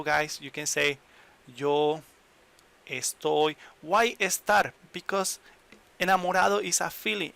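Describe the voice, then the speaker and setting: A man teaching in an online lesson, English, explaining slowly and repeating examples. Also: a little high, vocal fry, fairly bright tone, no echo. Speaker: Spanish teacher.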